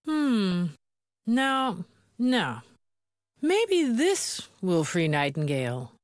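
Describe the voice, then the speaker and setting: A woman's voice: mid-range voice, wildly swooping pitch, very slow, no echo, clean studio sound, full character voice. Woman voicing an eager helpful woodpecker. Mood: obliging.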